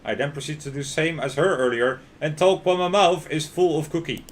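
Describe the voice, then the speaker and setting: A man's voice: on the high side, brisk, slight background noise. Streamer man reading a game aloud. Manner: narrates, reacts with laughs and panicky outbursts. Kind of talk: reading a visual novel aloud while playing.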